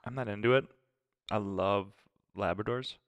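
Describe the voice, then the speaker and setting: A young man co-hosts a podcast with his wife, chatting casually in an easygoing way and thinking aloud with fillers. His lowish voice comes at normal speed through a close studio mic, recorded dry.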